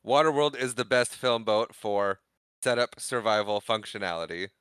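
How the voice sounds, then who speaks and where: A man with a bright, forceful voice, fairly low in pitch, co-hosts a movie podcast. He recaps scenes in an animated, joking way, and his speech sounds smooth and crisp. The recording is dry and close. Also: moderate pace, no room sound. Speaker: podcast co-host. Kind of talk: casual movie recap chat.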